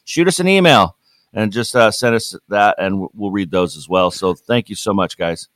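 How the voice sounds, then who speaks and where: A man's voice: on the low side, lively intonation, normal speed, a bit bright, dry recording, clean studio sound. A man co-hosting a podcast, easygoing and friendly, with frequent fillers. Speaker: podcast co-host. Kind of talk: casual podcast chat.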